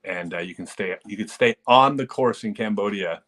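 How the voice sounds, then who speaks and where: A man hosting a live stream, telling disc golf stories in a casual, animated way, often chuckling as he talks. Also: on the low side, normal speed. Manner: animated storyteller who chuckles and acts out quotes.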